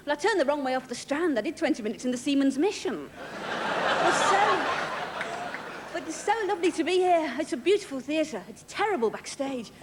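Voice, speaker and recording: A woman with a high-pitched, animated voice delivers a slightly fast stand-up routine in a large theatre, wry and self-deprecating. It was captured in a noisy 1980s TV broadcast with an audience present.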